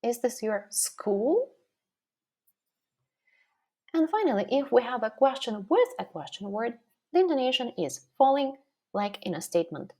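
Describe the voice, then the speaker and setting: A woman teaching a language lesson, slowly modeling example sentences and questions. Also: on the high side, sing-song, dark tone. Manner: slow, deliberate modeling of example phrases.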